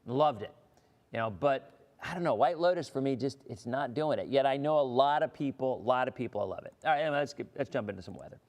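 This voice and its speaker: A middle-aged man from Florida hosts a casual weather livestream, chatting with viewers in a relaxed, rambling way and often restarting his sentences. His mid-pitched voice carries a long hall reverb. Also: fast. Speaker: weather broadcaster and livestream host.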